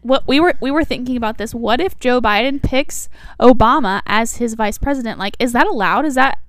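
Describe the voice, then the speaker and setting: Young woman cohost, high voice, kinda gravelly, joking, dry close sound. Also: brisk, no room sound. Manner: playful, jokey. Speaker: podcast co-host. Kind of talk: casual chat.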